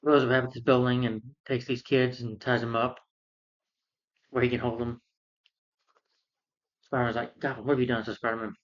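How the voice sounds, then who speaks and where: A man's voice: medium pitch, level tone, moderate pace, long pauses. Man recapping a film, muffled audio. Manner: rambling, with fillers. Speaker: film reviewer.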